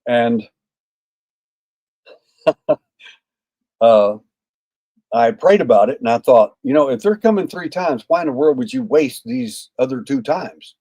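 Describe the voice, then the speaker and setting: A man's voice: mid-range voice, lively intonation, unhurried, long pauses, dark tone. A man in his sixties, a podcast guest telling a story in a folksy way, full of "uh" fillers and acted-out dialogue. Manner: folksy, acts out quoted dialogue, frequent "uh" fillers. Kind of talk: anecdotal storytelling.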